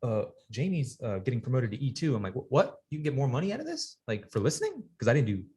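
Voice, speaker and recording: A man in his forties, a guest in a podcast studio, telling an animated, profane story and acting out the people in it. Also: medium pitch, quick pace. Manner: animated storyteller, acts out quoted people, swears freely. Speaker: podcast guest, retired Navy sailor. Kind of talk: casual storytelling interview.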